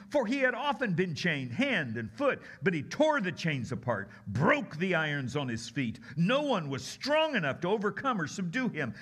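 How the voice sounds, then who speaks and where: A man giving a sermon as a guest preacher, telling the story in a conversational, expressive way and swinging between loud and hushed delivery. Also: high voice, breathy edge.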